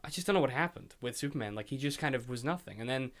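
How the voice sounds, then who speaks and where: A man's voice: mid-range voice, expressive, quick pace, fairly bright tone. A young man co-hosting a casual film review podcast, ranting animatedly and swearing freely. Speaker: podcast co-host.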